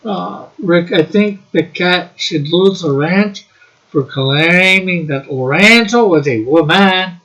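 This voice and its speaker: A man hosting a casual livestream, rambling and halting as he answers viewer comments with fillers and laughs. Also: high-pitched, expressive, fairly bright tone, rough recording. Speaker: livestream host.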